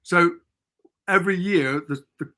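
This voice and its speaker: A Cornish man tells a long, rambling story on a podcast, slipping in little acted-out quotes. His voice sits a bit high and comes across bright and forceful. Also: unhurried. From Cornwall. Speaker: podcast guest. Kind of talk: casual storytelling.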